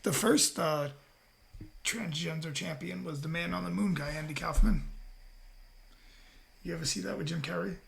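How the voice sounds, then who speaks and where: A man's voice: fairly high pitch, normal speed, creaky, pauses often. A man hosting a podcast, telling stories in casual chat, swearing a lot and acting out the people he quotes. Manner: animated storyteller, swears a lot, acts out quotes. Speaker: podcast host. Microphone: headphones with mic.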